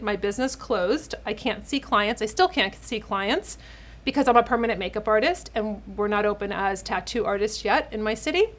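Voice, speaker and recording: Woman in her 40s doing a beauty vlog at home, kinda high voice, chatty and a bit teary, keeps saying ladies. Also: a bit bright. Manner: chatty, emotional, addresses viewers as ladies. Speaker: beauty channel host, esthetician. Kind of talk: casual direct-to-camera vlog.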